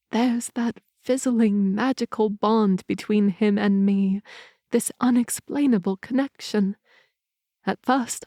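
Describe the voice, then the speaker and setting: A woman narrating a romance audiobook in the first person, in a measured, intimate storytelling manner on a close mic. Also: mid-range voice, dark tone, no echo.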